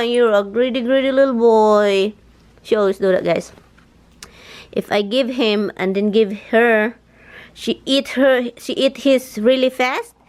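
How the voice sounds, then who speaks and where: A Filipina woman with a Filipino accent, vlogging casually at home and cooing to her dogs. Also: high voice. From Philippines. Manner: chatty, coos and baby-talks to her dogs. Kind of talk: casual vlog chat.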